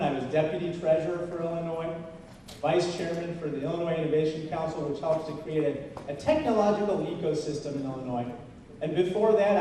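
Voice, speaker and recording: A man with a high, mellow voice gives an earnest campaign speech with jokes. He is heard from far off in a large banquet hall. Long reverb and faint noise fill the room. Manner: earnest, with jokes and rising emphasis. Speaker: congressional candidate.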